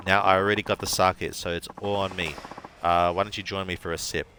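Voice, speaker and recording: A drunk, ornery former ballplayer, folksy and boastful, read out by a man. The voice sits very low but comes out sharp and forceful. It is a game character read aloud on stream. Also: level tone, brisk, slight background noise. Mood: boozy friendly.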